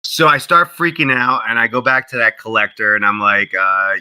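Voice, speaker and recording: A man being interviewed as a guest, telling a casual story in an animated way, acting out quoted dialogue, with many fillers and restarts. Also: mid-range voice, moderate pace, hardly any pauses, smooth, poor audio. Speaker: interview guest, game company co-founder.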